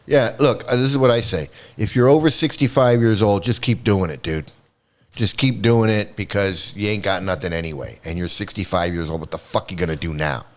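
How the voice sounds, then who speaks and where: A man's voice: deep voice, fairly quick. A man hosting a livestream, ranting angrily and sarcastically, with a lot of swearing. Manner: angry, sarcastic, heavy swearing. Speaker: host. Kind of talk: profane ranting livestream commentary.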